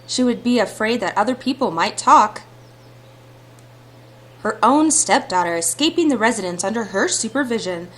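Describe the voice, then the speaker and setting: A woman's voice: on the high side, expressive, moderate pace, fairly bright tone, slight background noise. A woman reading aloud the lines of a young heroine who longs to escape her stepmother, in an earnest, reflective way. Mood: worried. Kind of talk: reading visual novel dialogue aloud.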